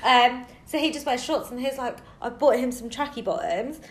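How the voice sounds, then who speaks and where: High-voiced woman, echoey room. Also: normal speed. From England. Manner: laughs often, swears casually, mimics her child. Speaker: podcast co-host. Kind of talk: casual chat. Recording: echoey room with faint background noise.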